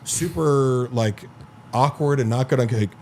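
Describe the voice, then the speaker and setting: A man's voice: medium pitch, unhurried, darkish tone, slight background noise. A man on a podcast telling long rambling stories in casual chat, full of 'like' and swearing. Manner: rambling storyteller, heavy filler 'like', profane. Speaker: podcast host.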